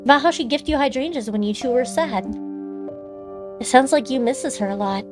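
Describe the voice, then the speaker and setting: A woman's voice: sits high, animated, normal speed, over music. A woman streamer reading a story game aloud and chatting about it, with many casual fillers. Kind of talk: reading a visual novel aloud and commenting.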